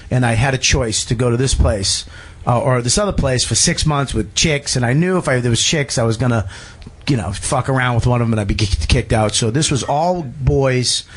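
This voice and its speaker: A man, a comedian, telling a story on a radio talk show, swearing a lot, laughing, and acting out the people he quotes. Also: mid-range voice. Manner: profane, laughing, acts out quoted voices. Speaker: guest comedian.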